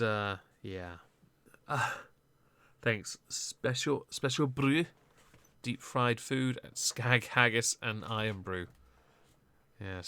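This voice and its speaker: A man riffs through a casual live stream, his remarks sarcastic and rambling. His voice sits on the low side and comes through a close microphone, with dry sound and no room echo. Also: vocal fry, fairly bright tone. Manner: sarcastic, rambling asides with many fillers.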